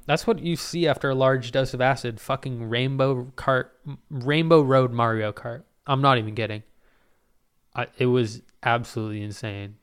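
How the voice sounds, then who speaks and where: A young man answering viewer questions in a casual vlog, swearing freely and talking in animated, exclamatory bursts full of fillers. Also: mid-range voice, smooth. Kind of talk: casual Q&A storytelling.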